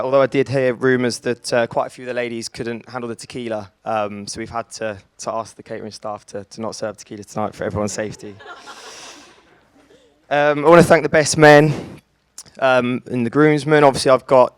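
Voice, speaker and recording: A man's voice: medium pitch, clear, resonant tone. A young man from England giving a teasing wedding speech as the groom, laughing at his own jokes.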